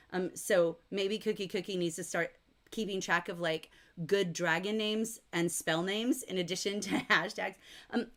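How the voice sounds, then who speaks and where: A middle-aged woman teaching a livestreamed literature lesson, chatty and explanatory, often filling pauses with "um" and "like". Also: fairly low pitch. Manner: chatty, explanatory, frequent fillers like "um" and "like". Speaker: teacher leading a novel study.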